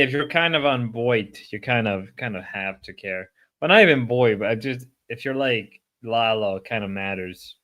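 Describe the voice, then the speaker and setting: Sick male streamer, bright tense voice, rambling casual chat with loud outbursts. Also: mid-range voice.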